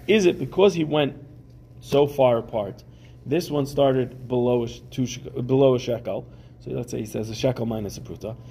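Gravelly, mellow man teaching Talmud. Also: mid-range voice, slight background noise. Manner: reads Aramaic text then explains it in casual English with everyday examples. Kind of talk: Talmud class lecture. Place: classroom with students.

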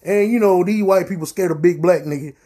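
A young man telling a profane, animated story on his podcast. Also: high voice, a little fast. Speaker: podcast host. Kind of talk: casual storytelling.

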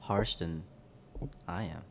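A man's voice: low voice, slow pace, creaky. Chill guy cohost, thoughtful, mostly short replies in casual chat. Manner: calm, reflective, short reactions. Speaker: podcast co-host.

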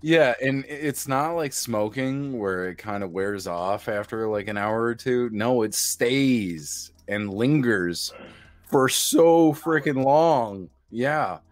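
A man chatting casually and telling a story in a relaxed way. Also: medium pitch, takes it slowly, dry recording.

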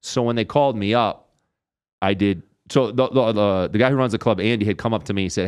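A male comedian telling a story as a podcast guest, animated and full of swearing. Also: lowish voice, a little fast, smooth, dry recording, studio quality. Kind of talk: casual storytelling in a podcast interview.

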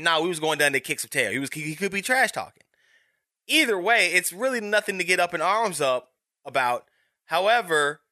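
A man in his thirties hosts a casual sports talk show, working through opinions in a loose, rambling way full of restarts. His voice is strikingly bright and pressed, sitting a little high for a man. The recording is dry and close, with no room sound. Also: dry recording. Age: 30s. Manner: conversational, rambling with frequent restarts and fillers. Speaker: sports podcast host.

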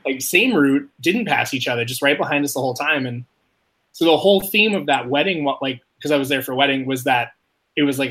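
A young man tells a long story in casual, rambling talk. He swears freely and leans on "like" in nearly every line. His voice sits at an average pitch but jumps up sharply whenever he quotes himself. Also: brisk. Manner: rambling, profane, heavy use of "like"; animated, jumps high when quoting himself.

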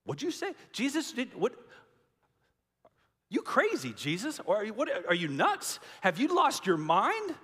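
A preacher doing panicky, shrill disciples. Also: male voice, wildly swooping pitch, normal speed, few pauses. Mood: incredulous. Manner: loud, high-pitched disbelief. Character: panicky incredulous male disciples, adult men. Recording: long hall reverb.

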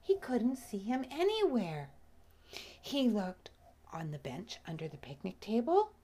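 A woman reading a children's story aloud slowly and expressively, often dropping to a soft whisper. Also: medium pitch, huge pitch swings.

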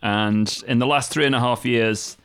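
A man's voice: medium pitch, normal speed, smooth, no echo, studio quality. A British man co-hosting a casual chat, dryly teasing as he reads out news items. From Britain. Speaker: co-host.

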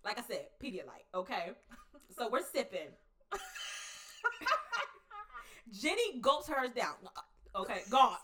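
Podcast co-host, woman, high bright voice that swings widely, animated and profane recapper. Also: takes it slowly, pauses often, slight background noise. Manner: animated, profane, laughs a lot, acts out lines. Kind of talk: casual chat recapping a show.

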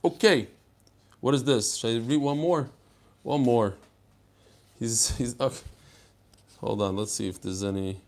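A man's voice: mid-range voice, measured pace, long pauses. Older man teaching a Talmud class. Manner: chatty, digressive, mixes in Hebrew and Yiddish terms. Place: study hall.

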